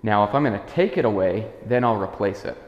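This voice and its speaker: A man working as a dog trainer, calmly explaining a demonstration and giving soft commands to a dog indoors in a house. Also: lowish voice, brisk. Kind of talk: instructional demonstration. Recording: echoey room with long reverb, dull lo-fi sound.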